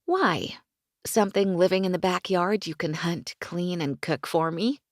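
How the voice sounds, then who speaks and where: A woman reading an audiobook voices a spirited young mother who chides and jokes in a raised, bright voice. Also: on the high side, very animated, slow pace, no echo, studio quality, pitched above the performer's own voice. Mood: chiding.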